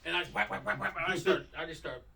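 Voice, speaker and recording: A man's voice: a little high, fast talker, creaky, pushed and bright. A middle-aged man from Los Angeles tells stories casually, acting out quotes from his youth with animation. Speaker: guest. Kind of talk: casual storytelling conversation. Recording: distant mic.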